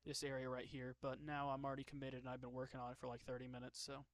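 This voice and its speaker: A man's voice: mid-range voice, monotone, fast talker, no room sound. A man chatting casually while drawing, joking about himself and laughing often. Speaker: streamer.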